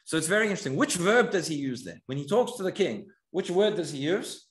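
Male rabbi, teaching tone, animated storyteller; bright, swooping delivery; reverberant synagogue sound. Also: a little high, fast. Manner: animated storytelling, voices the characters' questions. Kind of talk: Torah class. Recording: echoey synagogue room.

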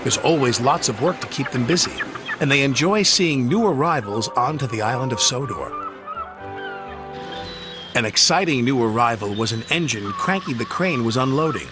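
A man gently narrating a children's railway storybook over music. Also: medium pitch, lively intonation, normal speed. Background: background music.

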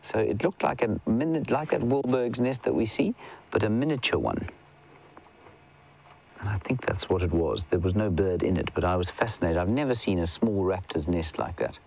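A man's voice: fairly low pitch, lively intonation, moderate pace, creaky, a little mellow, low-quality recording. A man working as a safari guide, giving chatty, enthusiastic live wildlife commentary outdoors and answering viewer questions. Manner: chatty, enthusiastic, drops to a whisper at times. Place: outdoors in the bush.

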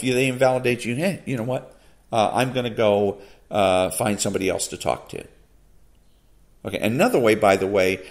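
A man with a lowish voice talks through his thoughts in solo commentary, pausing often and restarting his sentences. He reads a passage, then stops to push back on it in a plain, conversational way. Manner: unhurried, halting, many fillers and restarts. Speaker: podcast host. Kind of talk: solo commentary reading and reacting to a quote.

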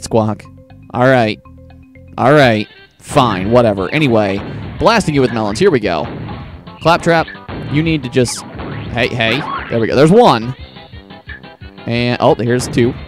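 A man hosting a video game let's play, giving rambling, joking commentary and talking to the game characters. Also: medium pitch. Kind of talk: casual gameplay commentary.

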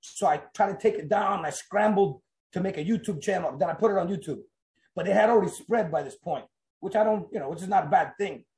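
An American man from South Florida, telling stories as an interview guest in a casual, animated way and acting out conversations. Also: high voice, fast talker, echoey room. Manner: animated, acts out quoted exchanges. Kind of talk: casual storytelling.

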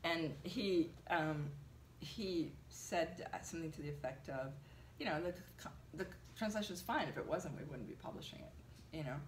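A woman being interviewed, telling an animated story with lots of fillers. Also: low-pitched, moderate pace, few pauses, reverberant, a little hiss or hum. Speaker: translator, interviewee. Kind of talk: conversational interview.

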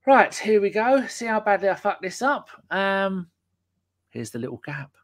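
A man hosting a chatty podcast, his voice sitting a bit high and bouncing all over the place as he jokes. His banter is cheeky and often sweary. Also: very animated, a little slow. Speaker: podcast host. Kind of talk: casual live-stream chat.

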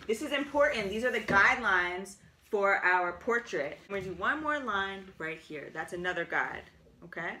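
Woman art teacher, bright tone, slight background hiss, encouraging and step-by-step. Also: mid-range voice, expressive, moderate pace. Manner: gentle, encouraging, explains step by step. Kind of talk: children's art lesson.

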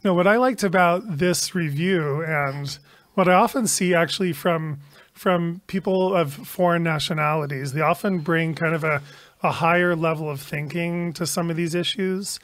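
A man's voice: fairly high pitch, moderate pace, fairly bright tone, no room sound. A man co-hosting a podcast in a backyard, easygoing and talkative, often restarting his sentences. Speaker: podcast co-host. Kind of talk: casual chat. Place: outdoor backyard.

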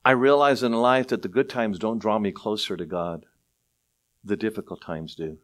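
A middle-aged male pastor preaching a sermon, telling stories with lively acted-out voices and frequent laughter. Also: lowish voice, normal speed. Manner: animated storytelling, acts out voices, laughs often.

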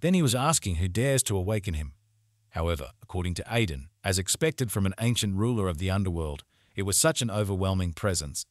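A man's voice: low-pitched, lively intonation, brisk, no room sound, studio quality. A man narrating a story recap, retelling events in plain reported speech.

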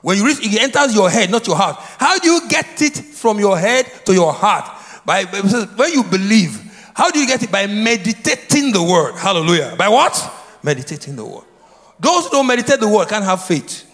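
A man preaching a sermon, his voice set high and swinging widely in pitch as he calls out questions for the congregation to answer back. He repeats key phrases over and over. The sound carries a long reverb from a church hall. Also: very animated, normal speed, fairly bright tone. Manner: repetitive, prompts congregation to answer. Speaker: pastor. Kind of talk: sermon with call and response. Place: church sanctuary.

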